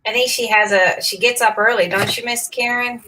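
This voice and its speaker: A woman's voice: a little high, fairly even intonation, normal speed, background noise. A woman in her fifties hosting a craft livestream, chatting casually, laughing often and greeting viewers by name. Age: 50s.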